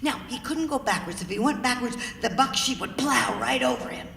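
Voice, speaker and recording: A woman storyteller performing live, acting out shouts and sound effects and drawing the audience in. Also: a little high, lively intonation, a little fast, creaky, a little hiss or hum. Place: large theater stage. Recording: echoey theater hall.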